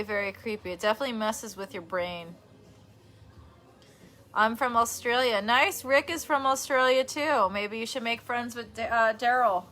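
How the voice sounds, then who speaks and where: Bright-voiced chatty woman streamer. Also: fairly high pitch. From New York. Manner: chatty and rambling, laughs often. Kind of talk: casual livestream chat reading comments. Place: her bedroom by a heater.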